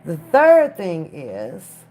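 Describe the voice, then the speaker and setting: A woman's voice: on the low side, huge pitch swings, very slow, a little mellow, slight background noise. A woman chatting casually on a live stream from her phone, talking straight to the viewers in chat. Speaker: livestream commentator.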